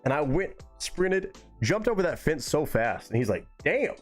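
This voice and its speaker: A man on a live stream telling a story in a relaxed, rambling way, swearing freely. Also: a little high, moderate pace, faint music behind. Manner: relaxed, rambling and heavily profane.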